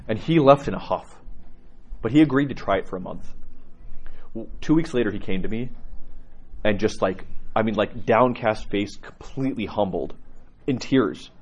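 A man who is a priest, answering questions in a catechism class and telling stories in an animated way. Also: normal speed, long pauses, husky, dull audio. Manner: animated storytelling with lively pitch, chuckling. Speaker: Orthodox priest.

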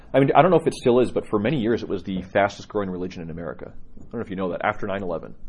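Priest giving a casual teaching: lively, slightly husky man who tells stories. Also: lowish voice. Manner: conversational, animated storyteller with laughs. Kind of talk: teaching talk to a congregation.

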